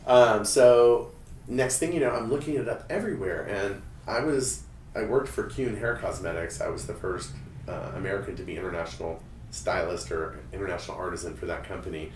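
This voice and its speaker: Man, lowish voice, lively storyteller, slightly distant mic in a roomy space. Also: a little fast, a little hiss or hum. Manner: animated, acts out quoted voices. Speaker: hairstylist and guest storyteller. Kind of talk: casual storytelling chat. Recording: roomy, a bit distant, faint room ambience.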